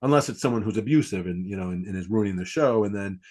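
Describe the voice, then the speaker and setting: Husky-voiced man in casual chat. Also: quick pace. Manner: animated, acts out quoted lines in a higher voice. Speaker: comedy coach and podcast host.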